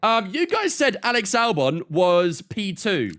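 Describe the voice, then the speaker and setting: A man's voice: high voice, wildly swooping pitch, a little slow, fairly bright tone. A man streaming a racing game, chatting casually with his viewers. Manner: chatty, talks to chat, often laughs off.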